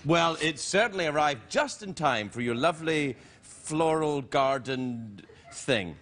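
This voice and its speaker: Teasing Scottish talk show host. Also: male voice, a little high, lively intonation, a little slow, a bit bright, a little hiss or hum. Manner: teasing, playful, jokey. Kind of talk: late-night talk show banter. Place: television studio with audience.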